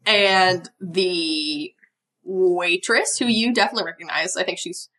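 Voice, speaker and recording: A woman's voice: fairly low pitch, a little slow, fairly bright tone. A woman narrating as game master of a tabletop role-play, playful and often laughing.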